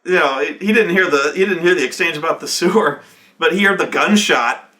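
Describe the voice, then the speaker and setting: A man casually recounting a tabletop game session, profane and animated, with many "like" fillers. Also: on the high side, fairly quick. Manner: profane, animated, fills speech with "like". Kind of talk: casual anecdote.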